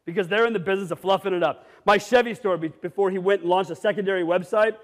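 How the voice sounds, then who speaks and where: A man's voice: sits high, quick pace. Middle-aged guy giving a fired-up conference talk, blunt and jokey, big echoey hall. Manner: animated, blunt, jokey, rising to near shouts. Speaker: conference speaker. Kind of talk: energetic keynote presentation. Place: conference hall with live audience. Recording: reverberant hall.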